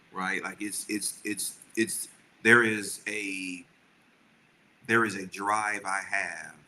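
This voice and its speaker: Middle-aged man, podcast co-host, earnest and rambling, bright voice, low in pitch, faint room hum. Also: rough recording. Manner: earnest, rambling with many restarts. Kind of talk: casual chat with his wife.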